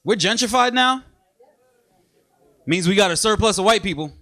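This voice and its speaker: A man from Brooklyn, doing a stand-up comedy set on a club stage with punchy, animated delivery. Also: high-pitched, normal speed. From Brooklyn, New York.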